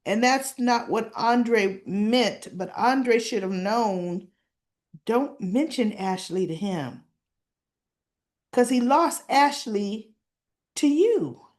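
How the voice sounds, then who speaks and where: A woman casually recapping a soap opera episode, acting out the characters' lines in an animated, chatty way. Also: fairly high pitch, very slow. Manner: animated retelling, acts out lines.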